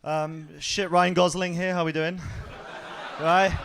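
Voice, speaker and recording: A young man doing an animated stand-up set on a comedy club stage, jumping into voices for his bits. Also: sits high, gravelly, a little hiss or hum. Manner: animated, acts out voices in quick bursts.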